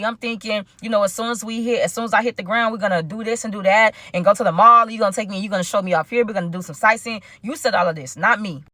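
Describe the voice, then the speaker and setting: Fast-talking young woman telling a storytime. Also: medium pitch, dry recording. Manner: animated, talks straight to viewers with lots of asides. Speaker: storytime vlogger. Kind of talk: casual storytime chat.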